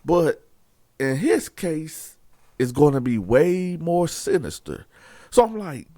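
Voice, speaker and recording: A man's voice: mid-range voice, slow pace, dry recording. A man hosting his channel, telling a prison story in casual talk, acting out the dialogue and speaking straight to his viewers. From Columbus, Ohio area. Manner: animated storytelling, acts out dialogue, addresses viewers as y'all.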